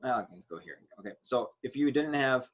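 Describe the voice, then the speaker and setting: A man teaching a grammar lesson step by step, pausing often to correct himself as he explains. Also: mid-range voice, expressive, lo-fi sound. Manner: explains step by step, with frequent fillers and restarts. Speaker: Spanish teacher.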